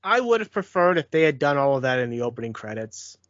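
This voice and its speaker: A man's voice: mid-range voice, very animated, fast, fairly bright tone, dry recording. A man chatting casually on a podcast in a matter-of-fact way, with occasional fillers. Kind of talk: casual chat. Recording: dull, lo-fi dry recording.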